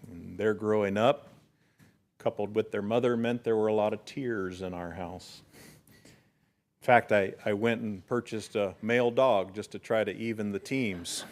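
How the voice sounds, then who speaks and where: Earnest middle-aged preacher giving a sermon. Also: male voice, fairly low pitch, a little mellow. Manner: earnest storytelling preacher, rising in emphasis. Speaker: pastor. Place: church sanctuary.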